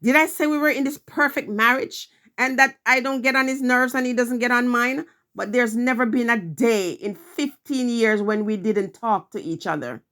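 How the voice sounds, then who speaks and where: A woman's voice: on the high side, normal speed, a bit bright. A middle-aged woman vlogging, telling a personal story in an earnest, emphatic way, repeating her phrases.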